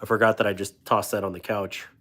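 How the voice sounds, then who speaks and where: A man's voice: fairly low pitch, little pitch movement, fast, bright, forceful tone. A man in his thirties hosting a casual live stream, reading viewer comments aloud and riffing on them in a loose, rambling, joking way. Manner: reads viewer comments aloud and riffs on them with frequent laughter. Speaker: livestream host of a knife channel.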